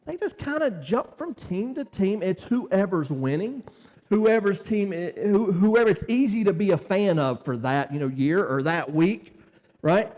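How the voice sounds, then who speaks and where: Man, preacher, casual storytelling sermon, high voice, animated, church hall reverb. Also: unhurried. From Tennessee. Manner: folksy, animated, acts out dialogue. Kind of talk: conversational sermon with stories. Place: church sanctuary.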